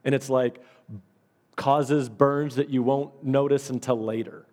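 Mellow-voiced pastor in a reverberant hall. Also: male voice, mid-range voice, steady tone, a little slow. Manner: conversational, acts out the dialogue of people in his stories. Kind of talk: storytelling sermon. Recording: long reverb of a large hall.

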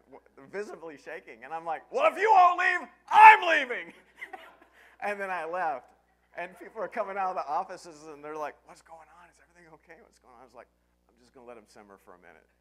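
Man, pastor, sermon, storytelling, animated, medium pitch. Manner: storytelling, animated, breaks into yelling and laughter.

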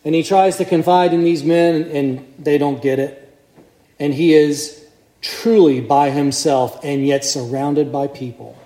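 A man's voice: on the high side, fairly even intonation, unhurried, mellow, roomy sound. A man preaching a sermon to a congregation in a conversational way, putting questions to his listeners. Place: church.

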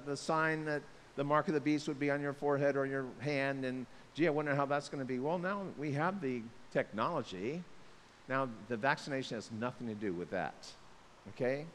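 Man, pastor, sermon, animated, long reverb, faint hiss. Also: medium pitch. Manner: animated, acts out voices of people, jokes aside.

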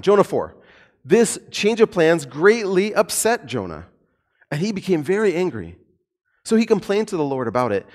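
A man preaching a sermon in a conversational, animated way with light humor. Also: a little high, normal speed. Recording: long hall reverb.

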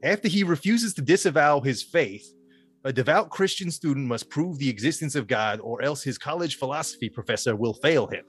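A man co-hosts a comedy podcast and recaps a movie with dry sarcasm, a few curse words and plenty of ums. His voice sits in an ordinary middle pitch, with soft music playing faintly in the background. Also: animated, brisk, husky. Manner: sarcastic, swears freely, many filler ums. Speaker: podcast co-host. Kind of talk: casual comedic movie-review chat.

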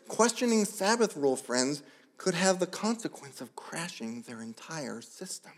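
A pastor delivering a sermon, telling the story with lively asides and brief voiced characters. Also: male voice, high voice, normal speed. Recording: long hall reverb.

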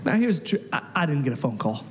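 A man preaching a sermon as pastor, an animated storyteller who acts out the voices he quotes. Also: fairly high pitch, quick pace, long reverb tail, slight background noise.

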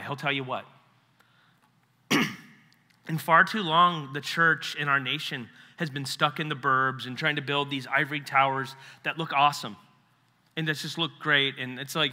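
A man's voice: on the high side, in a large hall. A man preaching a casual, conversational sermon as a pastor, acting out quotes and asides. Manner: conversational, animated, acts out quotes. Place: church sanctuary.

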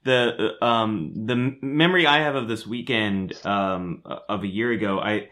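A man's voice: fairly low pitch, moderate pace. A man co-hosting a podcast, casually recounting a personal memory. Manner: relaxed, recounting a personal story with fillers. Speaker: podcast co-host. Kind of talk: casual conversational chat.

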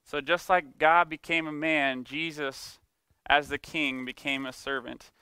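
A man preaching a sermon, emphatic, slowing down to stress key words and acting out quoted speech. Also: fairly high pitch, steady tone, pushed and bright, clean tone, no echo. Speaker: pastor.

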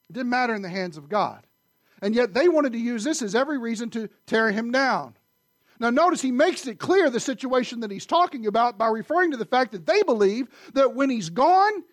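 High-pitched, animated male preacher. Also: no room sound. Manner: animated preaching, swings between loud emphasis and quiet asides. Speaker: pastor. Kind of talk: sermon.

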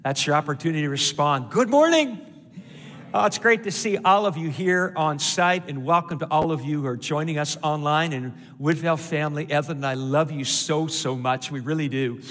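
A man's voice: a little high, a little fast, hardly any pauses, fairly bright tone. A man preaching a sermon, emphatic, repeating key phrases and calling for responses. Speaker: pastor. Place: large church with balcony. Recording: long hall reverb.

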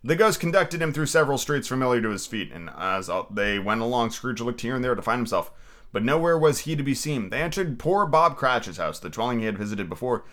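A male podcast host chats about films in a loose, relaxed way and swears casually. He also reads a classic story aloud at an easy pace. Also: medium pitch, brisk. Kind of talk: casual review chat and storybook reading.

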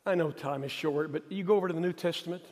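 High-voiced male pastor preaching. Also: fast, long reverb tail. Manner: emphatic and repetitive, rising to stress points, then dropping quiet. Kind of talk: sermon.

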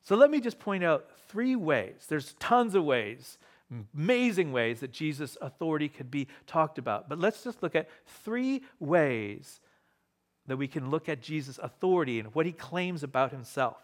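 A man preaching a sermon as pastor to a live congregation in church, emphatic, repeating key phrases and shifting pace and loudness. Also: fairly high pitch, big pitch swings, moderate pace.

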